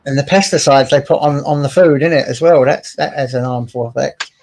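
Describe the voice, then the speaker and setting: A man's voice: mid-range voice, fairly quick, a little mellow. A man hosting a livestream, chatting casually and teasing his guests with blokey slang. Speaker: livestream host. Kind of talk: casual chat.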